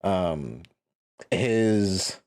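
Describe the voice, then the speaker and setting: A man narrating as game master, halting and relaxed. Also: deep voice, no room sound, clean studio sound.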